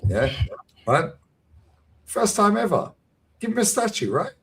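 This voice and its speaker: Husky animated London man. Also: high-pitched, rough recording. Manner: animated, boisterous, slangy, quick to laugh. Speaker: fan channel co-host. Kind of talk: casual football banter.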